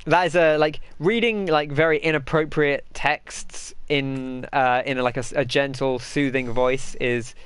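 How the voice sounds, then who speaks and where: A man's voice: medium pitch, fairly even intonation, unhurried, hardly any pauses, fairly bright tone, clean tone, no echo. A man giving chatty, rambling gameplay commentary and answering his chat as he plays. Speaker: gaming host.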